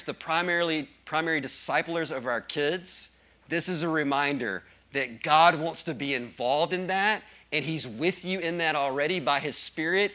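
Guy preaching, keeps asking the church questions, kinda high bright voice. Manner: emphatic, asks the congregation questions. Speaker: pastor. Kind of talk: sermon.

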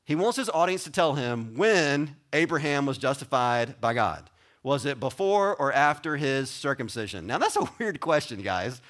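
A man preaching a sermon as pastor, conversational and animated, with asides to the congregation. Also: medium pitch, moderate pace.

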